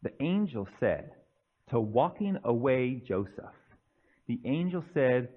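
A male pastor preaching a sermon with deliberate, emphatic pauses. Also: mid-range voice, very animated, phone-quality sound.

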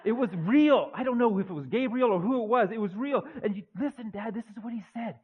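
A man preaching, acting out young Joseph as an excited young man who stammers and gushes into a phone call to his dad. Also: high-pitched, fast talker, husky, pitched above the performer's own voice. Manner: breathless, stammering, gushing. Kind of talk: dramatized monologue in a sermon.

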